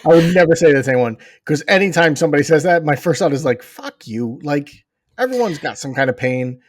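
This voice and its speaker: A man's voice: on the high side, lively intonation, no room sound. Emphatic man, dry close sound. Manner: emphatic, quick agreeing interjections. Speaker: podcast co-host. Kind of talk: casual podcast discussion.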